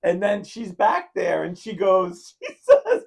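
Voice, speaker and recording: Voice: medium pitch, slow, gravelly, lo-fi sound. A podcast co-host telling a story in casual chat, acting out quoted lines and laughing often. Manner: animated storyteller who acts out quoted lines.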